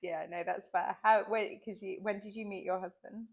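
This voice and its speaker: A woman interviewing an author for the publisher, chatty and relaxed, laughing now and then. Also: medium pitch, normal speed, lo-fi sound. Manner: chatty, many fillers and restarts, laughs. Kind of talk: casual interview chat.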